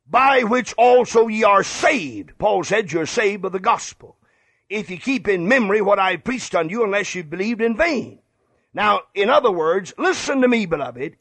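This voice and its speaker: A man's voice: sits high, fairly bright tone, no echo. An older man preaching a radio sermon, emphatic and repeating phrases for stress.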